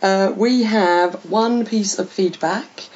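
A woman hosting a casual podcast chat with a measured, upbeat, relaxed delivery. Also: medium pitch, dull audio. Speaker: podcast host.

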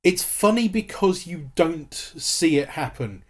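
A man in his thirties co-hosts a podcast, chatting casually and enthusiastically about a TV series with many fillers and restarts. His voice is a little high, with lively intonation and a slow pace.

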